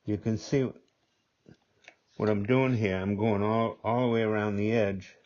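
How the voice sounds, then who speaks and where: Slow-talking older man with a deep voice. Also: steady tone, a little mellow. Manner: slow, rambling, repeats himself. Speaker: gunsmithing instructor. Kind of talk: workshop demonstration. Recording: dull lo-fi audio.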